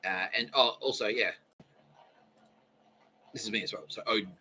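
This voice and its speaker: A man's voice: lowish voice, moderate pace, pushed and bright, husky, low-quality recording. A young man hosting a podcast, talking in a rambling, profane, self-mocking way. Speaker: podcast host. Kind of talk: casual solo monologue.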